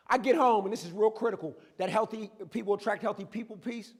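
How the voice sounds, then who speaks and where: A man with a strikingly high voice tells his own story as a guest speaker, loose and conversational. He slips into bits of dialogue as he talks. His voice rings out with a long reverb tail from a large hall. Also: fairly quick. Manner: lively, conversational, acts out dialogue. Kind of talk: motivational personal storytelling talk. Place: campus event hall.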